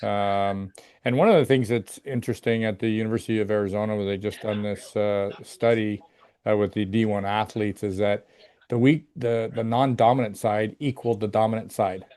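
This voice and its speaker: A man's voice: lowish voice, steady tone, normal speed, a little mellow, clean tone. A man hosting a casual interview, easygoing, with frequent affirmations. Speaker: host.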